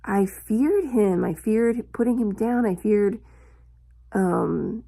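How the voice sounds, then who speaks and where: Slow, gravelly-voiced woman sharing a personal story. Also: medium pitch, animated, dark tone. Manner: slow, reflective storytelling with long pauses. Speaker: vlogger. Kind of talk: personal confessional vlog.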